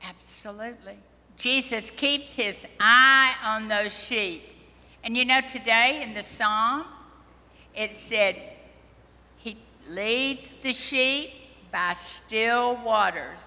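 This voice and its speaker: Woman pastor, bright higher voice, preaching gently to children in a reverberant church. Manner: slow, gentle, questioning children directly. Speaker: priest giving a children's homily. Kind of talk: children's sermon. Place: church sanctuary.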